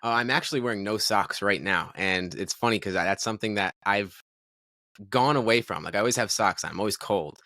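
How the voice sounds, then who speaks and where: Male podcast host, very deep, dry studio sound, thoughtful and a bit halting. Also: pushed and bright, no room sound. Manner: thoughtful, slightly halting, repeats words. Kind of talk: interview conversation.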